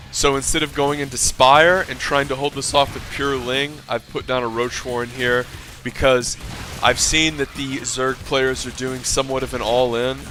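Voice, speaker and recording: A man's voice: medium pitch, pushed and bright. A man commentating his own game match with brash, profane ranting asides. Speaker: gameplay commentator.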